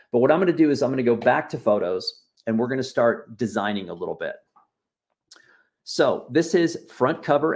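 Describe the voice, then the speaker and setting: Chatty man teaching a software workshop. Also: mid-range voice. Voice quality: loose, chatty and encouraging, talking while clicking. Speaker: workshop instructor. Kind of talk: live online software tutorial. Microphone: video call.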